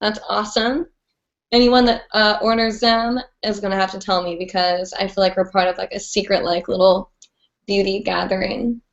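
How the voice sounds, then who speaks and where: A woman's voice: medium pitch, level tone, moderate pace. A woman hosting a live online chat show, bubbly and chatty with lots of "like"s. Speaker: host. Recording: dull lo-fi stream audio.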